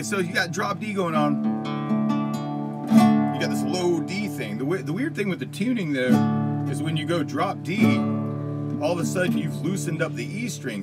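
Chatty American man teaching guitar. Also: a little high. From United States. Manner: rambling, chatty, laughs often. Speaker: guitar teacher, live-stream host. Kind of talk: casual live-stream Q&A. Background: faint guitar strumming.

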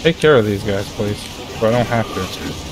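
A man streaming a video game, reacting loudly, swearing in frustration and chatting with his viewers. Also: fairly low pitch, moderate pace. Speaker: gaming streamer. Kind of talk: live gameplay commentary reading chat.

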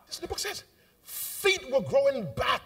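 A man with a Bahamian accent preaching a live sermon in a church auditorium. He is fervent and calls out to the congregation, moving between shouted lines, sung phrases and quiet asides. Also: extremely high pitch, big pitch swings, normal speed, recorded from a distance. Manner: call-and-response with the congregation. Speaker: bishop preaching. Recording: live church recording, voice off-mic.

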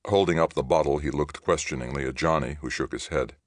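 A man reading a novel aloud as a steady audiobook narrator. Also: rumbling low, fairly quick, dry recording, clean studio sound. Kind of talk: scripted narration.

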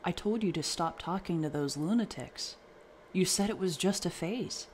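A man's voice: high-pitched, moderate pace, a little hiss or hum, voice pushed up, natural voice. A man doing a smug, brainwashed mother. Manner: cold, arrogant, preachy. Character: cult-brainwashed mother, adult woman, smug.

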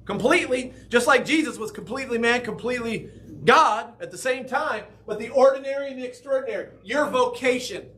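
A man's voice: very high-pitched, fairly quick, a bit bright, slight background noise. A man preaching a conversational sermon as pastor in a church, often asking the congregation questions.

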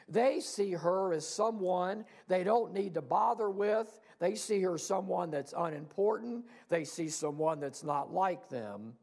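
Slow, gravelly-voiced preaching pastor. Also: male voice, sits high, animated, darkish tone. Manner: slow, earnest preaching with rhetorical questions. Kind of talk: sermon. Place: church sanctuary.

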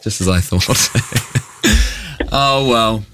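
A male radio host bantering in a casual, animated and self-mocking way, often sounding exasperated. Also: fairly low pitch, very slow, slight background noise.

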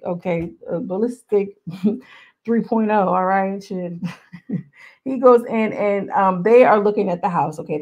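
A woman's voice: mid-range voice, vocal fry, darkish tone. Chatty gossiping woman recapping reality TV. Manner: chatty, gossipy, talks straight to viewers. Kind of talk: casual recap commentary.

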